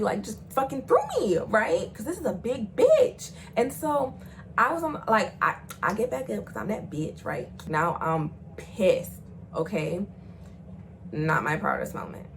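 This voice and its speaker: A young woman speaking tells a wild storytime in a loose, profane vlog voice. She keeps pushing the story along, often leaping into shrill, loud imitations of the people in it. Faint noise sits under the recording. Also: rough recording. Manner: animated, profane, swings into loud high acted quotes. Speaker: storyteller vlogger. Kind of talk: casual storytime chat.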